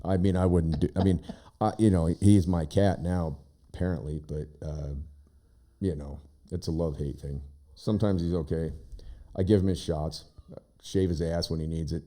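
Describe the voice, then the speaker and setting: A man's voice: deep voice, normal speed. A man from Oregon chatting casually in a studio, telling a long rambling story with lots of fillers and restarts. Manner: rambling, animated storyteller who shouts out quoted lines. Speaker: guest, visiting brother. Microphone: studio microphone.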